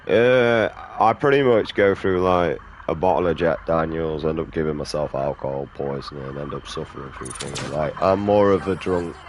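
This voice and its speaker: Male streamer, extremely low voice, profane drawling banter, faint hiss behind. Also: normal speed, hardly any pauses. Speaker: gaming streamer. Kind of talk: casual commentary while playing.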